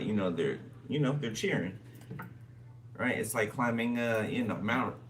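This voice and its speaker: Man musing through a tarot reading. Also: on the low side. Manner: musing, repeats phrases, frequent "okay?" tags. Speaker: tarot reader. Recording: distant mic with background noise.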